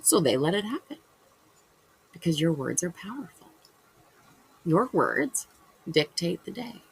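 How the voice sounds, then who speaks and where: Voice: medium pitch, sing-song, measured pace, creaky, long pauses, breathy edge, rough recording. A vlogger talking casually to camera in a rambling spiritual monologue, acting out imagined conversations and correcting themselves as they go. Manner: loose and chatty, with fillers and self-corrections.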